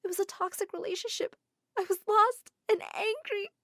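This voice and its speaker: A woman's voice: very high-pitched, normal speed, fairly bright tone, dry recording, clean studio sound, voice pushed up. A woman voicing a remorseful young bride who is crying as she speaks. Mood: tearful.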